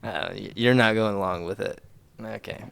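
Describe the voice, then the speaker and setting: A man's voice: fairly low pitch, moderate pace, creaky, fairly bright tone, clean tone, dry recording. A young man co-hosting a podcast in loose, laughing casual chat, tipsy and full of playful questions. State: intoxicated. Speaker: podcast co-host.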